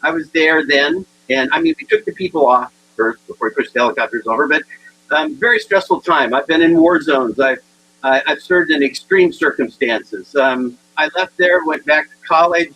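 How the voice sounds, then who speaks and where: A man in his sixties giving a humorous motivational talk, animated and acting out the people in his stories. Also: fairly high pitch, moderate pace, breathy edge, low-quality recording. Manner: animated storyteller acting out dialogue. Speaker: keynote speaker.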